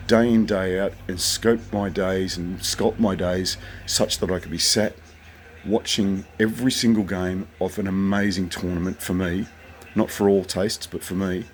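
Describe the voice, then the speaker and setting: A man's voice: sits low, a little hiss or hum, low-quality recording. An older man telling stories in a chatty, rambling monologue from a motel room at night, sometimes swearing. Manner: chatty, anecdotal, occasionally profane. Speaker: vlogger.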